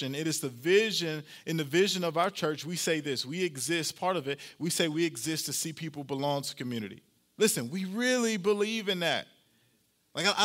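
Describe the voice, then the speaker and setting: A man with a high voice preaching a sermon to his congregation. He repeats his key lines and slows down to stress them. He keeps talking straight to the people in front of him. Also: fairly bright tone. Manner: addresses the congregation directly and often. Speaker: pastor.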